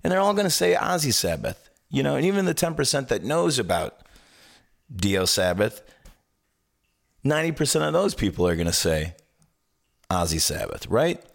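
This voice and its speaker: A man's voice: moderate pace, vocal fry, long pauses. A man co-hosting a casual music podcast, telling stories with many stammered restarts. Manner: animated storyteller, swings pitch wide, stammers on restarts. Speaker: podcast co-host. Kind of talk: casual chat.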